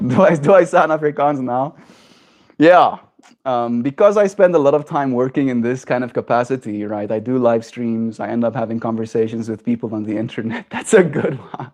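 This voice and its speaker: A man's voice: medium pitch, moderate pace. A young man from South Africa with a self-shaped neutral accent, live streaming and chatting casually with viewers, peppering his talk with "like" and "right?". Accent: self-shaped neutral, slightly American-leaning. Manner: chatty, animated, frequent "like" and "right?" tags. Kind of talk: casual chat reading viewer comments.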